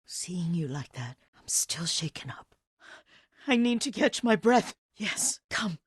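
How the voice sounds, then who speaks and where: An actress voicing an elderly, devoted nursemaid of a samurai household, motherly and gently scolding. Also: deep voice, expressive, slow pace, slightly rough, no echo, studio quality, heavily acted. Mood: fond. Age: older. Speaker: old servant of a samurai household.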